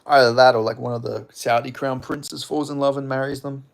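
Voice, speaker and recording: A young Australian man in a loose, unscripted livestream chat, rambling between thoughts and dropping curse words freely. His voice sits at an ordinary middle pitch for a man. He peppers his talk with fillers and small chuckles. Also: fairly even intonation, brisk, gravelly. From Western Australia. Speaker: MMA commentator reading live chat.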